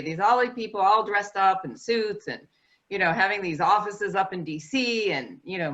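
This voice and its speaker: A woman adding her own reflections at a talk, in a measured, thoughtful way. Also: medium pitch, a bit bright. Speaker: co-speaker. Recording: dull lo-fi recording.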